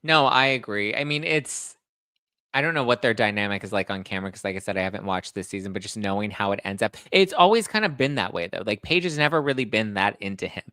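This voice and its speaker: Guy with a bright, forceful voice giving his takes, dry close mic. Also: lowish voice, sing-song, quick pace, dry recording. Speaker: podcast guest. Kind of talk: casual pop-culture chat.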